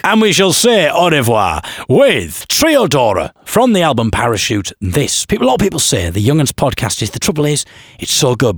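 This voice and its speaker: Male podcast host, gravelly voice, lively swooping pitch, dry close mic. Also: dry recording. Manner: jokey, self-mocking, bouncing pitch. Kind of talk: casual podcast chat.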